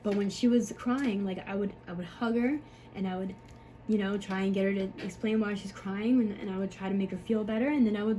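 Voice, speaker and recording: A woman's voice: mid-range voice, steady tone, fairly quick, warm tone, a little hiss or hum, low-quality recording. A woman, a mother, talking to camera in a rambling, frustrated way, full of fillers and swearing. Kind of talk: emotional personal monologue.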